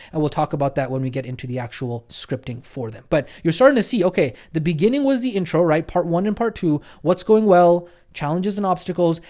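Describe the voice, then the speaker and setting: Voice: mid-range voice, warm tone. A trainer teaching coaches in a recorded training lecture, speaking emphatically, repeating key phrases and checking in with "right?" and "okay?".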